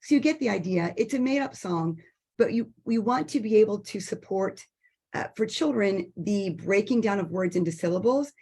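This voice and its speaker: A woman's voice: medium pitch, expressive, moderate pace, warm tone, breathy edge. Woman early-literacy teacher, patient explainer on a video call. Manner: patient, explanatory, breaks into short sung examples. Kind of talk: instructional talk over video call.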